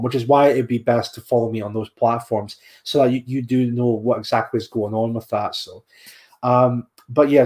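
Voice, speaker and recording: This podcast host's medium-pitched voice is a little mellow. Worn out and yawning, he wraps up his livestream with a casual sign-off, wandering off topic and saying the same things more than once.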